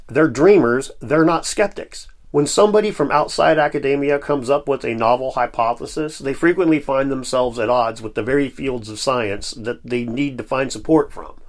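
A man hosting his own commentary video in a casual, conversational and self-deprecating way. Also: mid-range voice. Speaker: YouTube host.

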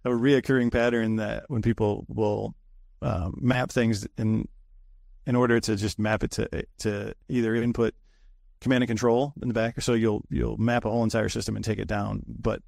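A man's voice: on the low side, flat delivery, brisk, vocal fry, a little mellow, no echo, clean studio sound. A man chatting casually as a cybersecurity guest, rambling and profane, full of fillers and restarts. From United States. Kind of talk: casual podcast chat.

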